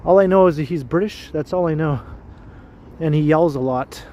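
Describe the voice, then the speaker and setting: A man's voice: a little high, moderate pace, warm tone. A man hosting a walking livestream outdoors downtown, chatting casually with viewers and laughing often. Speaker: livestream host. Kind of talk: casual live-stream chat. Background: city traffic.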